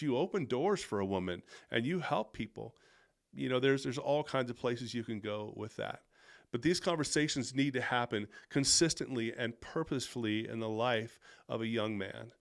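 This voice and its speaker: A man's voice: medium pitch, normal speed, gravelly. A middle-aged man hosting a faith-based monologue, earnest and at times heated, with self-deprecating asides. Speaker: podcast host.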